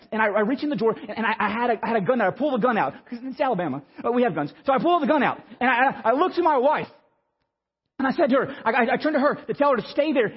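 A man, preaching a sermon and telling a story in an animated, stammering, self-mocking way. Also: very high-pitched, slightly rough. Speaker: pastor. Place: church sanctuary. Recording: muffled sound with long hall reverb.

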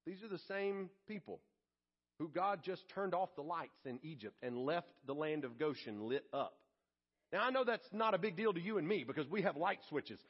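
Male pastor, high and husky, dramatic delivery, dull lo-fi sermon recording. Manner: dramatic preaching, swings from hushed to emphatic.

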